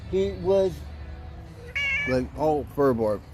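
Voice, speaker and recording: A man talking off the cuff on a livestream, rambling and loose. He swears now and then and coos at his pets in a soft voice. Faint music plays behind him. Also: on the high side, expressive, takes it slowly. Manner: rambling, talks to his cats in a cooing voice; laughs easily, swears casually. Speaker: livestream host. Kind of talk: casual livestream chat.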